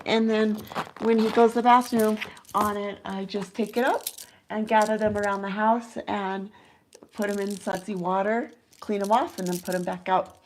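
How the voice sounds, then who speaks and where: A woman's voice: medium pitch, slight background noise, poor audio. A woman chatting casually with her viewers about her pet owl, enthusiastic and full of fillers, now and then imitating owl hoots. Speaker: owl keeper and vlogger.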